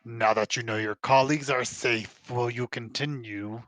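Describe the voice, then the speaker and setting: A man voicing a serene, all-knowing crystal creature with slow, lofty pronouncements in a tabletop game. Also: medium pitch, steady tone, fairly bright tone, dry recording, pitched below the performer's own voice, close to an everyday voice. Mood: solemn.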